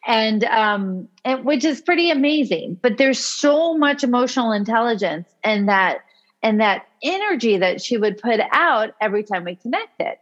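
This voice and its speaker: A woman co-hosting a podcast, telling a story in a casual, animated way. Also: on the high side, normal speed, muffled recording. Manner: animated, acts out quoted speech. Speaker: podcast co-host.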